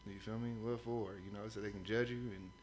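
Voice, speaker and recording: A man's voice: fairly low pitch, steady tone, a little fast, a little hiss or hum. A man co-hosting a podcast, ranting heatedly in slangy, profane casual talk. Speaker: podcast co-host. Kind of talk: casual chat.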